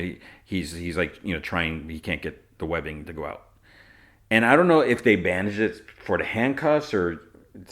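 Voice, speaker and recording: Low and slightly bright, this male podcast host runs through a TV episode casually. He retells the scenes and quotes lines in his own voice, laughing and using fillers as he talks.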